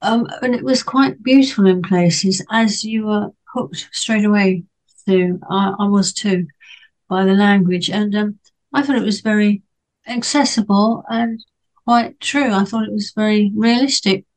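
A woman talking through a book on a club panel in an easy, chatty way. She hesitates often, restarting her sentences and filling pauses with ums as she goes. Her voice sits at an ordinary middle pitch for a woman. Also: steady tone, a little mellow, rough recording. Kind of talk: casual discussion.

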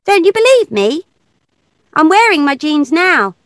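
A woman voicing a cheeky young girl in a children's audio story, bright, playful and sing-song. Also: high-pitched, very animated, a little slow, no room sound. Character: cheeky young girl who teases machines.

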